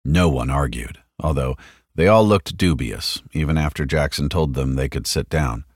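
A deep-voiced male audiobook narrator tells his story in a measured, expressive way, recorded dry with clean studio sound.

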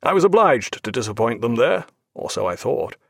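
A man voicing a hearty, earnest male naval captain in an audiobook, brisk and commanding. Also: medium pitch, very animated, gravelly, a bit bright, slightly rough, no room sound, clean studio sound, exaggerated voice. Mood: rueful.

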